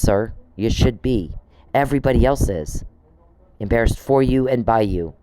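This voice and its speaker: A man's voice: mid-range voice, animated, moderate pace, dark tone, rough recording. A man on a podcast, delivering an angry, profane monologue aimed straight at one person he scolds. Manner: indignant, profane, scolding someone directly.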